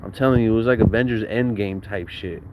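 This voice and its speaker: Talking fast in a lowish voice, a young vlogger from Southern California shares childhood stories packed with slang and swearing in a relaxed way. The audio is noisy, with the high frequencies cut off.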